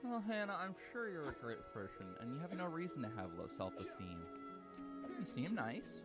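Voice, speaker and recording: A man's voice: fairly high pitch, sing-song, normal speed. Rambling, chatty male streamer. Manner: rambling, chatty, swears casually. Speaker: game streamer. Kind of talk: casual live-stream chat. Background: game music.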